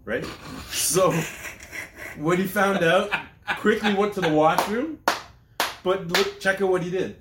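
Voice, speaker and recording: A man's voice: high-pitched, unhurried, pauses often, far from the mic, noisy background. A man co-hosting a podcast, chatting casually and laughing along as he tells a story. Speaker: podcast co-host. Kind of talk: casual chat. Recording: echoey room.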